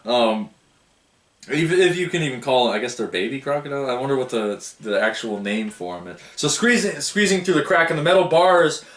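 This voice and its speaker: A man's voice: mid-range voice, a little fast, a bit bright, echoey room. A man giving a casual, rambling book review, stumbling over foreign names and laughing at himself.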